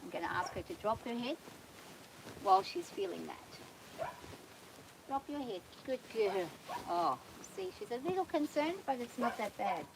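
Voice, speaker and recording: Woman training a horse on a farm, soothing and explaining as she goes, high voice, wind blasting the mic. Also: fairly quick. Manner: calm, coaxing the horse while explaining to viewers. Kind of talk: narrated training vlog. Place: outdoors on a farm on a windy day. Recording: outdoor recording with loud wind noise.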